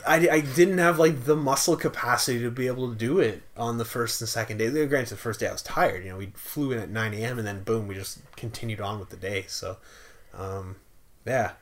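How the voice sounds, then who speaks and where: A man from Canada co-hosting a podcast, talking in a relaxed way that trails off. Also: medium pitch, brisk. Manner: relaxed, trailing off, swears casually. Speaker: podcast co-host. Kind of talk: casual chat.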